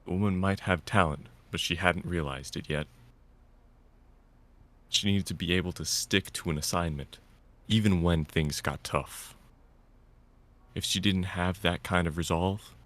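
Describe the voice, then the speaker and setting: A man's voice: low-pitched, fairly even intonation, unhurried, long pauses, fairly bright tone. A man reading a visual novel aloud in first person, narrating and voicing the stern lead. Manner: stern and lecturing in dialogue.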